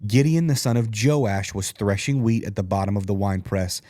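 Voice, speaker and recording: Low-voiced man reading scripture. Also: a little fast, mellow, no echo, clean studio sound. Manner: earnest, reads scripture aloud with frequent fillers. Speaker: church host. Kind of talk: casual faith discussion with scripture reading. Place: church studio.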